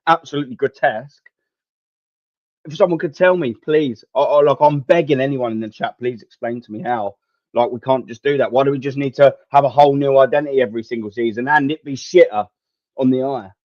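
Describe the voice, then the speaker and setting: A man's voice: mid-range voice, brisk, no echo. A young man hosting a live football watchalong, ranting to his chat in an exasperated, sweary, rambling way. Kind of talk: live match watchalong commentary and rant. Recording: dull, lo-fi dry home mic.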